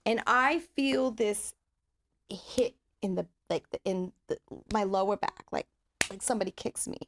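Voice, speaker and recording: A woman guest on a podcast, telling a personal story in an animated, vivid way and acting out moments as she goes. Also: medium pitch, a little slow. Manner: animated, vivid storyteller who acts out scenes.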